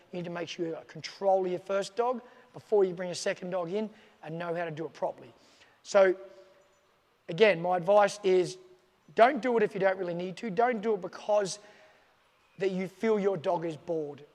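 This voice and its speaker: Working at a training facility with staff nearby, this male dog trainer addresses the camera with straightforward, casual tips and says his main points more than once. He talks fairly quickly in a high-pitched yet darkish voice, and the sound is that of a big room.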